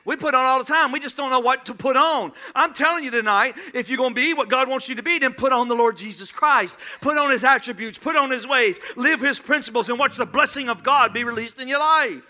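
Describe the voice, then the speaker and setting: A male pastor delivers a funny sermon in church, now and then shouting and prompting the congregation to answer back. His voice is very high-pitched, and he talks briskly with almost no pauses.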